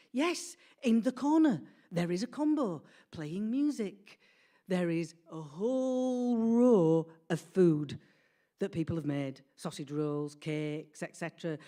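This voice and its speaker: A woman, telling a comic family story in a lively, animated way. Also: lowish voice. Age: 60s. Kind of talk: personal storytelling.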